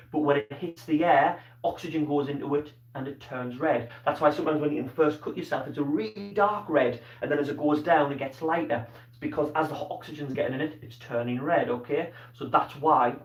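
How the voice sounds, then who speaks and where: Male teacher, encouraging, fairly high voice, roomy room, set back from the mic. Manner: encouraging, asks questions and praises pupils by name. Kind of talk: live online science lesson. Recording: roomy, distant, dull-toned sound.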